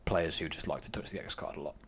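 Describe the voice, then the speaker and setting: A man co-hosting a casual discussion, weighing both sides of a question in a measured way. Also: low voice, creaky, husky. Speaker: podcast co-host.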